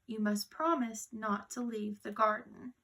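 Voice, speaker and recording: A woman's voice: fairly high pitch, fairly even intonation, unhurried, a bit bright. Woman playing a caring grandmother. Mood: gentle.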